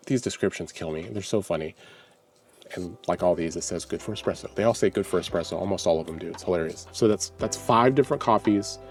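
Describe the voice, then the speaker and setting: In a dry recording, a Texan man who vlogs about roasting coffee at home reads product notes out loud as he shops. His voice is on the low side and darkish, and he comes across as relaxed and quick to poke fun at himself.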